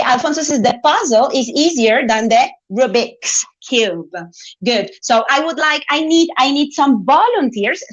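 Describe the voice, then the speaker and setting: A woman teaches English in an online class, speaking at a slow, patient pace with a slightly high voice. She coaxes students to take part and draws out key words. The audio sounds dull and lo-fi, like a laptop mic on a video call. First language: Spanish.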